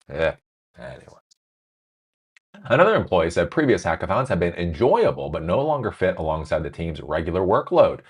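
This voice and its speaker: Sarcastic male commentary host, deep voice, very lively delivery, reads then rants. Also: husky. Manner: animated, sarcastic, swinging from reading to ranting. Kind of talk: podcast news commentary.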